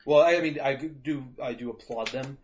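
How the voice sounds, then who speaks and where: A man's voice: mid-range voice, moderate pace, noisy background. A man co-hosting a podcast in casual chat, swearing freely and acting out quotes as he jokes. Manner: profane, joking, acts out quotes. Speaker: podcast co-host. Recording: dull lo-fi podcast audio.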